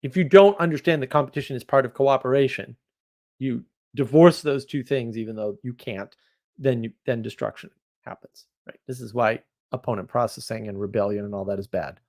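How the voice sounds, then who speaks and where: A man hosting a casual livestream, chatting and reacting to viewer comments in a rambling, opinionated way, often getting louder or dropping suddenly to a mutter. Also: medium pitch. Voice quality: rambling, opinionated, quick shifts in loudness. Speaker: livestream host.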